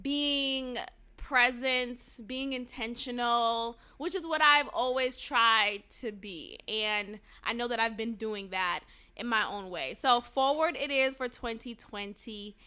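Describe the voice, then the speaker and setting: A woman's voice: a little high, takes it slowly, sharp tone, clean tone. A young woman hosting her own podcast, talking casually and animatedly, swearing freely and laughing at her own jokes. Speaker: podcast host. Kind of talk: casual solo podcast commentary.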